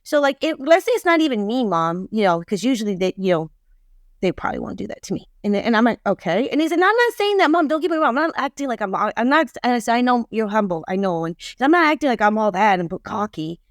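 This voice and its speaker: A middle-aged woman, a relationship expert guest on a podcast, telling a story in a lively way and acting out quoted lines. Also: mid-range voice, fast, dry recording, clean studio sound. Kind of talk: casual podcast conversation.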